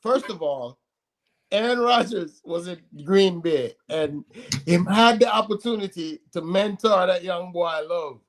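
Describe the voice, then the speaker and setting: A man's voice: high-pitched, measured pace. A man on a sports podcast panel giving blunt, emphatic, profane opinions. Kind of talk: casual sports chat.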